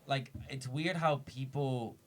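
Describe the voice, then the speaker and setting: A man from the Dominican Republic hosting a casual podcast chat, telling animated stories and acting out quotes. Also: medium pitch, slow pace. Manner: animated storyteller, acts out quotes. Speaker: podcast host. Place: studio with cameras.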